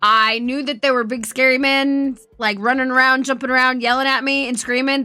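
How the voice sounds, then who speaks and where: A woman streamer tells rambling, profane stories in casual stream chat from her home setup, her voice bright, forceful, and a bit higher than most women's. The delivery is flat at a normal speed, with a close, dry, clean sound, no echo, and faint music underneath.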